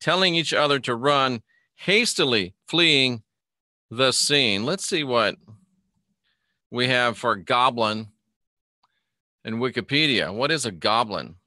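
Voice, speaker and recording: A man with a bright, forceful voice hosts a live stream, reading an article aloud and chatting about it in a loose, rambling way. He breaks off to greet viewers by name, and the sound is dry and close. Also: medium pitch, dry recording. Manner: reads an article aloud and comments on it. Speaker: host of a live Christian online show.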